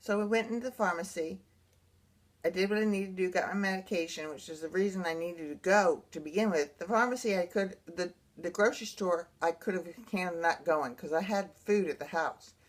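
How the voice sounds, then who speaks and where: A woman's voice: lowish voice, brisk. A woman, earnestly telling a rambling personal story to her viewers. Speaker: blogger sharing personal experience. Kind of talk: casual personal storytelling to camera.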